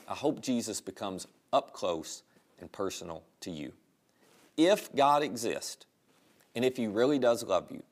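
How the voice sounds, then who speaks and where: Animated storytelling male pastor. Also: on the low side. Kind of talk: sermon.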